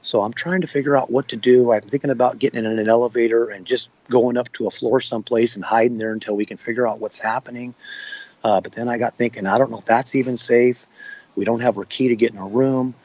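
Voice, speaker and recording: A man's voice: mid-range voice, steady tone, fast talker, a little mellow, no echo. Guy telling his eyewitness story, rambling plain talk, muffled dry sound. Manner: plain-spoken, rambling, acts out quotes. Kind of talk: recounting events in an interview.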